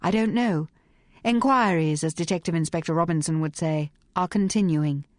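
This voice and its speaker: A woman's voice: fairly low pitch, normal speed, no echo, clean studio sound, lightly acted. A woman playing a cool, poised lady detective.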